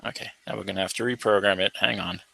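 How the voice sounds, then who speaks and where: A man's voice: sits low, steady tone, fast, gravelly, bright, forceful tone, no echo. A man hosting a casual home electronics video, narrating his typing and soldering with playful, showman-like announcer asides. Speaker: maker channel host. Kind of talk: casual live coding and tinkering commentary.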